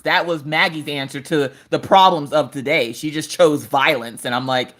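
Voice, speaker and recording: A woman in her thirties hosting a craft livestream, telling animated family stories in casual chat. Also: moderate pace. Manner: animated storytelling, jumps to high squeals in quoted voices.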